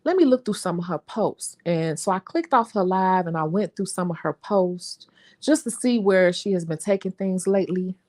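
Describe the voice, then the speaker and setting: A young adult woman with a Chicago accent, a nail technician chatting to her viewers in an animated, talkative way. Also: on the low side, normal speed. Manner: chatty, animated storytelling, says y'all. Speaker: nail technician and channel host. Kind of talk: casual chat to viewers.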